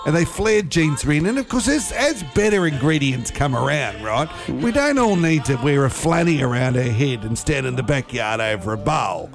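A man's voice: a little high, very animated, normal speed, gravelly, hardly any pauses, soft background music. A man with an Australian accent co-hosting a radio show, chatting and joking in a rambling way. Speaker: radio co-host. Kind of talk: casual banter on air.

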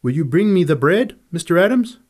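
A man voicing a calm, courteous camp cook who speaks in a polite, measured way. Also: sits high, pitched above the performer's own voice.

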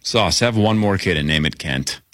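A man's voice: low voice, expressive, normal speed, fairly bright tone, dry recording. A man hosting a casual sports talk show, joking and bantering with his co-hosts in a studio. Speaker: radio show host.

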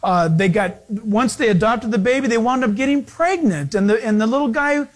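Animated high-voiced male pastor. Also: normal speed. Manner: animated, acts out overheard voices, laughs often. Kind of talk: sermon with storytelling.

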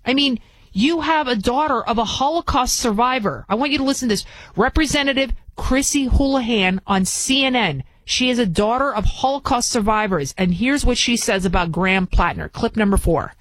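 A woman's voice: on the high side, normal speed, no room sound, low-quality recording. A woman hosting a political commentary show, delivering an indignant, emphatic opinion monologue full of repeated rhetorical questions.

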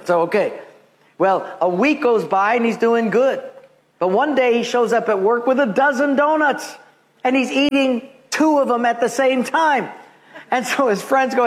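A man preaching a sermon as pastor, telling stories with lively acted-out voices. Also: very high-pitched, moderate pace. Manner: animated storytelling, acting out voices.

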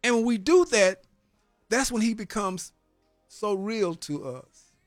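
A man's voice: high-pitched, animated, takes it slowly, no echo, soft background music. A man giving an earnest, emphatic personal faith testimony about his time in prison, often tagging phrases with "man" and repeating words as he gets stirred. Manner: repeats words when stirred, preacher-like cadence.

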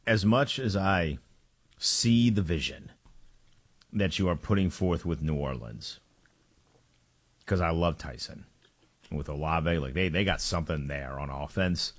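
A man's voice: low-pitched, a little slow, long pauses. A man co-hosting a sports talk radio show in a casual, laid-back way.

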